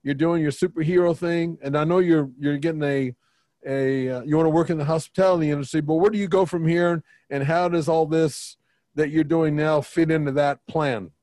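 A man's voice: fairly high pitch, fairly even intonation, brisk, a little mellow, no room sound, rough recording. A man hosting an interview, asking questions in a conversational, encouraging manner. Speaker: host, interviewer. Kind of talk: casual interview chat.

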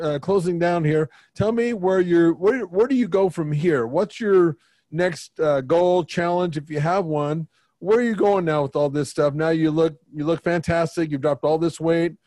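A man's voice: a little high, normal speed, dark tone, dry recording, rough recording. A man hosting an interview, asking questions in a conversational, encouraging manner. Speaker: host, interviewer. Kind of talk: casual interview chat.

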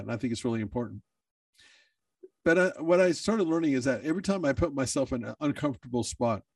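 A bodybuilder delivers a candid, emotional personal monologue, swearing freely. His mid-range voice is a little mellow, captured dry from a distant mic.

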